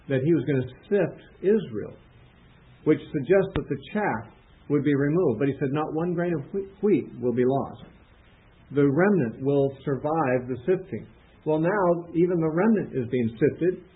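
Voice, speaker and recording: A man teaching from the Bible in a measured, explanatory way, slowing down to stress quoted verses. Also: mid-range voice. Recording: tinny phone-like sound.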